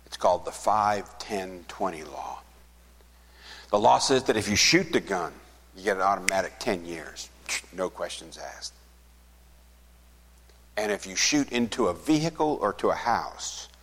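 Deep and slightly rough, this man's voice fills a large, echoing space as he preaches. Telling a sermon story, he plays both people in a conversation and softens almost to a whisper at the most sorrowful moments.

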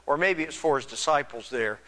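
A man preaching a sermon, moving from soft, reflective passages to loud, emphatic preaching. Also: a little high, fairly quick. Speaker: pastor.

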